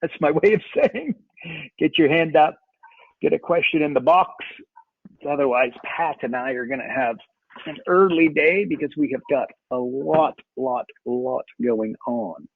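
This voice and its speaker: A man hosting a casual coaching Q&A call, upbeat and joking, with quick banter. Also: on the high side, animated, creaky, husky, no room sound. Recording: tinny phone-like line.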